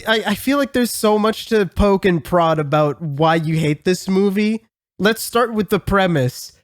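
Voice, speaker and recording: Excitable high-voiced man on a podcast. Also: unhurried, no room sound, clean studio sound. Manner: excitable, swearing, rambling with restarts. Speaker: podcast host. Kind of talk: casual podcast chat.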